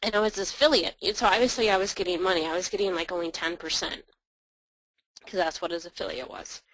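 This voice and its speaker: A woman's voice: fairly low pitch, fairly even intonation, fast talker, a bit bright, dry recording, poor audio. A woman telling a business story in a chatty, blunt way, with lots of fillers and acted-out quotes. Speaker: online marketer telling a story. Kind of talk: casual storytelling.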